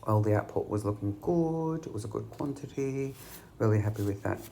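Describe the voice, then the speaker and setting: Animated and a little fast, his fairly low, creaky voice carries a warm tone over slight background noise. He is an Australian patient vlogger recovering from surgery, chatting casually and rambling with many ums to a camera at his hospital bedside.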